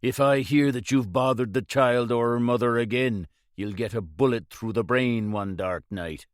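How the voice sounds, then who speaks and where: A man voicing a calm, menacing gunman. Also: medium pitch, moderate pace, smooth, no echo, clean studio sound, close to an everyday voice. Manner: calm, mocking threats. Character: cool, menacing gunman hero.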